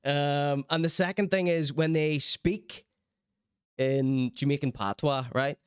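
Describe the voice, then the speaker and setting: A young Northern Irish man hosting a stream, with a fairly high, smooth and crisp voice. He reads chat aloud and reacts in a sardonic, mock-outraged tone. The sound is close and dry, with no room echo. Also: fairly even intonation, slow pace. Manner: wry, sardonic, mock-indignant. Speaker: streamer and show host. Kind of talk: live-stream commentary, reading out chat.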